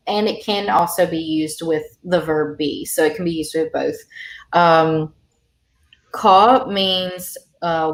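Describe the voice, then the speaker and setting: A woman's voice: fairly low pitch, reverberant. A woman teaching an online language lesson over a video call, explaining patiently with many fillers.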